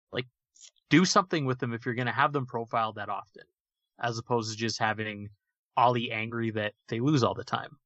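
A man's voice: medium pitch, sharp tone, dry recording, dull audio. A man co-hosting a casual podcast, giving opinionated, rambling takes full of fillers. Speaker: podcast co-host. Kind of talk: casual wrestling discussion.

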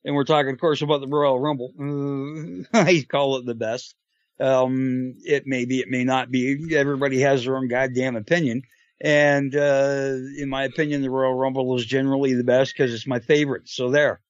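A man's voice: mid-range voice, little pitch movement, moderate pace, no room sound. A man co-hosting a casual podcast chat, joking and loose, with plenty of filler words. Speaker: co-host. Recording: slightly dull lo-fi sound.

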